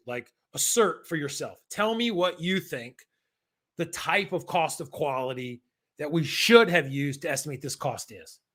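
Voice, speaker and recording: A man leads a live-stream lesson, talking straight to chat viewers in a loose, slangy way. His voice sits high and comes across bright and forceful. He keeps the energy up as he walks through exam questions. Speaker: exam prep coach.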